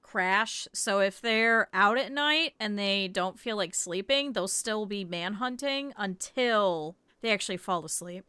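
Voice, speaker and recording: Bright-voiced woman streaming a game. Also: medium pitch, expressive, a little slow, few pauses, clear, resonant tone. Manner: swears and complains at the game in bursts. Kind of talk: casual gameplay commentary.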